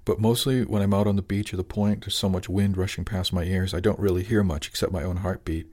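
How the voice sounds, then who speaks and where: A man voicing a quiet, shy teenage boy who is becoming a shaman, speaking softly and simply. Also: sits low, steady tone, quick pace. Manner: soft-spoken, simple and shy.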